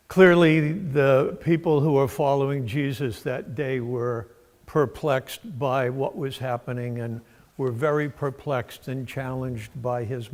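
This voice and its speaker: An older man from Massachusetts giving a sermon in a church, telling stories in a folksy, unhurried way with fillers. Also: mid-range voice, darkish tone. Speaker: preacher. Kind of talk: sermon with storytelling. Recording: long church reverb.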